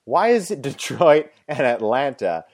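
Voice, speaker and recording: Animated man ranting about football. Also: medium pitch, a little slow. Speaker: sports podcast co-host. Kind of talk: casual sports chat.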